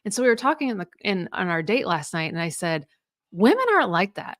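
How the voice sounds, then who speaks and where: An animated woman in her thirties co-hosts a podcast, her fairly low, fairly bright voice moving quickly. The talk is casual and rambling, thick with fillers and restarts, captured dry with clean studio sound.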